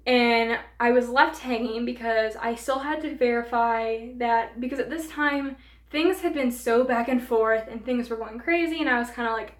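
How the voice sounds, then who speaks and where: A young woman vlogger tells a storytime in an animated way, with plenty of fillers. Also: on the high side, moderate pace. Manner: animated, filler-heavy retelling. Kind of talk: storytime vlog. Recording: roomy room echo.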